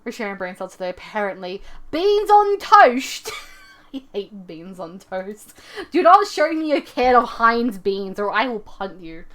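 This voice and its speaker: A woman's voice: mid-range voice, lively intonation, moderate pace, fairly bright tone. A young woman streaming, chatting casually in a playful, rambling, giggly way. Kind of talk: casual live-stream chat.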